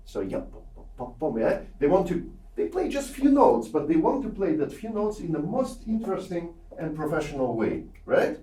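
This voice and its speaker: A man's voice: on the high side, sing-song, moderate pace, warm tone. A man coaching a piano masterclass. He sings rhythms aloud and keeps checking in with "yeah?". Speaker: piano teacher giving a masterclass. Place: small room with a large piano. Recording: echoey room, heard from far off.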